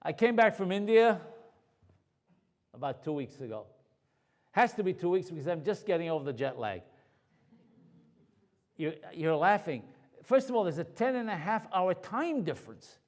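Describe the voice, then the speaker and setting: A man speaking as a rabbi, telling anecdotes to an audience in a lively way, full of asides and repeated words. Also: high voice, normal speed, pauses often. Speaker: rabbi and lecturer. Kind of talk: storytelling talk to an audience.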